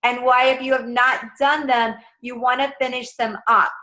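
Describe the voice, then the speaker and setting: A woman's voice: fairly high pitch, level tone, moderate pace, bright, forceful tone, rough recording. A young adult woman coaching her sales team in a casual, upbeat, direct way.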